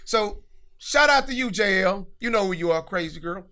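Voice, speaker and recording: Bright, high-voiced excitable male podcast host. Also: normal speed. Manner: lively, excitable storyteller. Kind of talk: casual chat.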